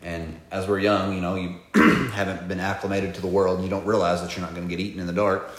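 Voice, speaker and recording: A man's voice: low voice, flat delivery, fast talker. A man casually telling laid-back, profane stories in conversation. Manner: laid-back, profane storytelling with laughing outbursts. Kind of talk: casual chat. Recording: echoey room.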